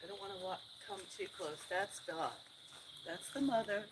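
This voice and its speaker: A woman on a casual farm livestream, chatting with viewers and talking softly to her animals. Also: medium pitch, normal speed. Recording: outdoor noise with chirping crickets. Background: crickets and insects.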